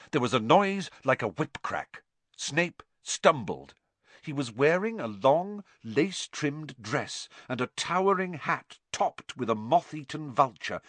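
A man narrating a story in a dramatic, expressive reading style. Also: medium pitch, dry recording. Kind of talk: audiobook narration.

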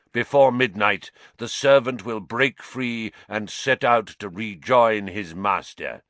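Guy putting on an entranced seer, harsh and loud, slow, dragged-out words, dry sound. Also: fairly low pitch, dry recording, full character voice. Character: entranced female seer in a harsh prophetic trance.

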